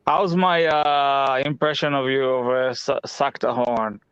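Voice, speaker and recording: A man's voice: medium pitch, steady tone, a little slow, a bit bright, clean tone, no room sound, lo-fi sound. A man co-hosting a casual livestream over a video call, laid-back, mostly giving short replies and laughing easily. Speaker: livestream co-host.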